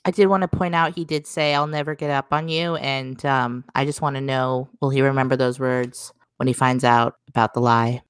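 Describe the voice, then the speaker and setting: Low-voiced woman, dry chat. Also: steady tone, normal speed, hardly any pauses, clean tone, no echo. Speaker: co-host. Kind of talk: casual chat.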